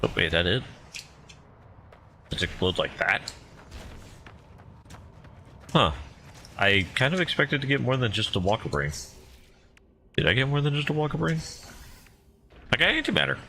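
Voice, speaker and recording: A man's voice: mid-range voice, very animated, normal speed, pauses often, pushed and bright, slight background noise. A man giving rambling, self-deprecating commentary while playing a video game. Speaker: gamer. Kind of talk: casual gameplay commentary.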